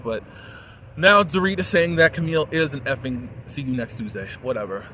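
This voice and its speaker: A man with a fairly high voice recaps a reality show in a casual, chatty way. He is sassy and opinionated, and he talks straight to his viewers. A faint hiss of noise sits behind him. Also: a little fast, bright, forceful tone.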